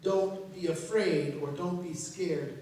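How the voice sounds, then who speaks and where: A woman's voice: on the low side, slow pace, dark tone. Joking pastor woman, echoey far church. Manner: conversational and humorous, with laughs. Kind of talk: sermon. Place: church sanctuary. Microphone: distant room mic.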